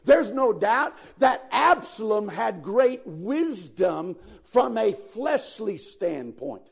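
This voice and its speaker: A man's voice: sits high, very animated, takes it slowly, vocal fry, breathy edge. A man preaching a sermon as pastor, speaking directly to his listeners and swelling into sudden emphatic peaks. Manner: folksy, addresses listeners directly.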